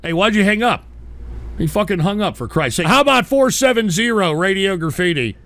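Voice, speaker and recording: A man's voice: high-pitched, animated, a little fast, noisy background. A man hosting a call-in radio show, ranting and swearing constantly in exasperation. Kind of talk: profane call-in radio rant.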